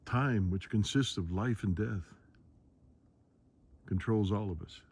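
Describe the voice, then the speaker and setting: A man vlogging outdoors in the woods, musing slowly and philosophically as he walks. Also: fairly low pitch, a little mellow, husky. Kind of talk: reflective outdoor vlog narration.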